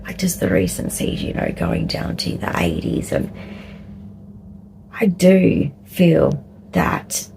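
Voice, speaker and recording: A middle-aged Australian woman vlogging candidly, rambling and laughing often, sometimes dropping into a soft whisper. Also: low voice, big pitch swings, slow, gravelly, pauses often, a little hiss or hum, poor audio. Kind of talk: candid personal vlog talk.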